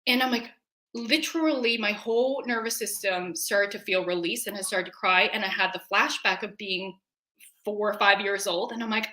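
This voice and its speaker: A woman in her forties telling a personal story in a casual, animated way, acting out her own scared reactions. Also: mid-range voice, moderate pace, reverberant. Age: 40s. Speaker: webinar guest.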